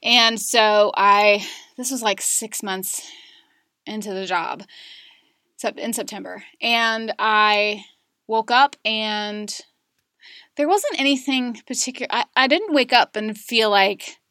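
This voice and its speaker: A woman's voice: mid-range voice, slow, pushed and bright, no echo, studio quality. Candid woman telling a hard story. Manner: candid, emotional, frequent fillers. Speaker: guest. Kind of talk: personal story interview. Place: Charlotte area.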